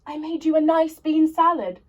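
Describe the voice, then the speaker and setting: A woman's voice: high voice, normal speed, voice pushed up, close to an everyday voice, rough recording. A woman voicing a bossy giant housewife who scolds in an emphatic storybook reading.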